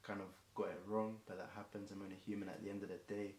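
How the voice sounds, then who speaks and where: A young English man improvising a rambling rhyming freestyle, voice getting hoarse, filling gaps with ums and self-corrections. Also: on the low side, flat delivery, fast talker, darkish tone. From England. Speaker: streamer performing a marathon song. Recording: echoey room with faint background noise.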